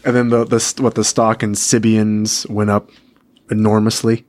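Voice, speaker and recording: A man's voice: fairly low pitch, little pitch movement, normal speed, darkish tone. A man who is a guest on a podcast, in casual chat, mostly giving short agreeing replies and quips.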